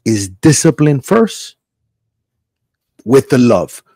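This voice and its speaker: A middle-aged man hosting a podcast in casual chat, an animated storyteller who acts out quotes in big voices. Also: medium pitch, slow pace, no room sound. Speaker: podcast host.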